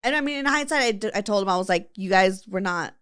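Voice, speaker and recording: A fast-talking woman with a smooth, fairly bright, expressive medium-pitched voice hosts a podcast. She tells a long story casually, packed with fillers and quotes from friends.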